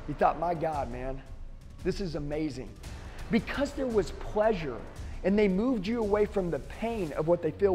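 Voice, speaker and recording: A man's voice: sits high, a little mellow, in a large hall. A middle-aged man, a sales trainer, giving an intense, emphatic motivational talk to the camera.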